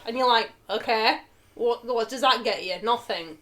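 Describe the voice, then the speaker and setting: A woman talks casually on a podcast, her voice sitting a little high. She swears freely and slips into acted-out quotes as she tells stories. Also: moderate pace, fairly bright tone. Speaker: podcast co-host. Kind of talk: casual chat.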